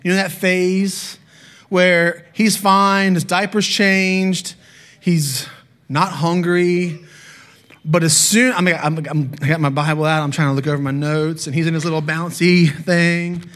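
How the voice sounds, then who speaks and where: Candid young preacher sharing family stories. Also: male voice, a little high, fairly even intonation, measured pace, a bit bright. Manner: candid, self-deprecating storytelling. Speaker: pastor. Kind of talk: sermon.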